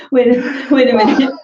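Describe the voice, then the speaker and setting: Woman co-host, playful, laughs often, high and animated, distant roomy sound. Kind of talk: casual live-stream chat. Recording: roomy, distant, dull live-stream audio.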